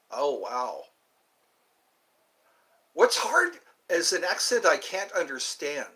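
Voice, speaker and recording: An American man in his fifties chats aimlessly on his live stream, full of side remarks and restarts. His fairly high voice is pushed and bright, and the audio is poor.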